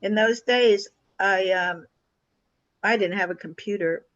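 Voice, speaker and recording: An older woman tells a story with animated energy, slipping into the voices of the people she describes. The sound is dull and lo-fi, with a dry, close feel and no room around it. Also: mid-range voice, unhurried, dry recording. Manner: animated storyteller who acts out quoted dialogue. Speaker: guest. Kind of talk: storytelling in a conversational interview.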